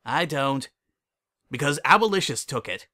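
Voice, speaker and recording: A man's voice: mid-range voice, animated, unhurried, bright, forceful tone. A man voicing a scheming, sneering male pet rabbit with a smug, muttering manner.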